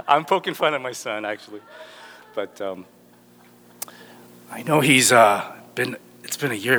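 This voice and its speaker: A man's voice: medium pitch, expressive, measured pace, a bit bright. A middle-aged man preaching a sermon as a pastor, joking and rambling with restarts. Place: church hall. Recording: echoey hall with long reverb.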